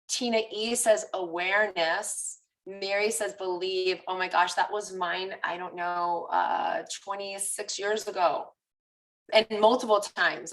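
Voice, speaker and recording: A woman fitness coach in a casual live group coaching chat, telling personal stories in an animated, confessional way. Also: mid-range voice, recorded from a distance, rough recording.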